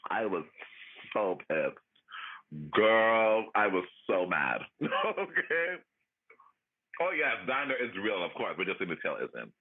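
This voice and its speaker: A man hosting a livestream, chatting and ranting in a loud, profane, sassy way with frequent laughs. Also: on the low side, husky. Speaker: livestream host. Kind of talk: casual chat, ranting. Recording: tinny phone-like audio.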